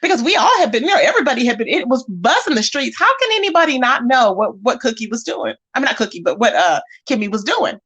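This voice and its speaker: High-voiced woman hosting live commentary. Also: fast, hardly any pauses, husky. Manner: animated, talks straight to chat and calls people out. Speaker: livestream host. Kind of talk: casual commentary chat.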